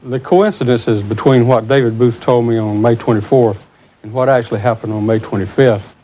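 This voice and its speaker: Aviation official, man, dark mellow voice, measured, faint background hum. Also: medium pitch, fairly even intonation, lo-fi sound. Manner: measured, with "uh" pauses. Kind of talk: interview.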